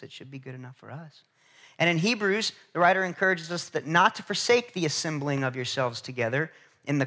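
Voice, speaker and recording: A man preaching a sermon as pastor, talking conversationally with restarts and calling out to the congregation. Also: mid-range voice. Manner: animated, conversational, with frequent repetitions and restarts; calls to the congregation for response.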